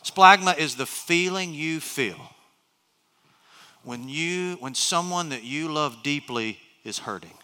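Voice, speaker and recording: Animated pastor preaching. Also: male voice, a little high, slow pace, long reverb tail. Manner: animated, storytelling with many restarts and asides. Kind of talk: sermon. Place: large church hall.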